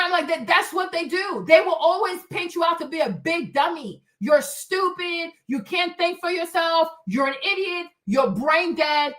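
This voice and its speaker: A woman with a high voice hosts a livestream commentary. She rants hotly and profanely, driving each point home by repeating it. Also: a bit bright. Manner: profane, heated, emphatic repetition. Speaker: show host.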